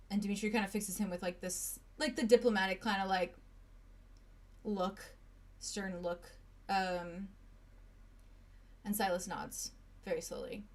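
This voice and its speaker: A woman narrating a tabletop game as game master, in a relaxed way with many fillers. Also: on the low side.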